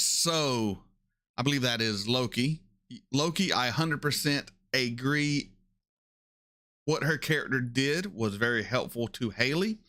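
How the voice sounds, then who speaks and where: A man hosting a casual livestream, talking in an opinionated way, repeating points for emphasis and often jumping up in pitch when he gets excited. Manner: frequent excited jumps up in pitch. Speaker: reaction channel host.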